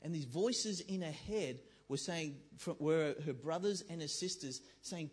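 A man's voice: on the high side, lively intonation, moderate pace, husky. A man giving a conversational sermon in a church, joking with the congregation and acting out the voices in people's heads. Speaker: pastor.

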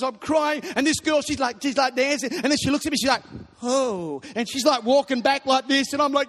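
High-voiced man preaching in a hall. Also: normal speed, hardly any pauses. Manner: animated storytelling, bursts into shouting. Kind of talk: sermon. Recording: long reverb of a large hall.

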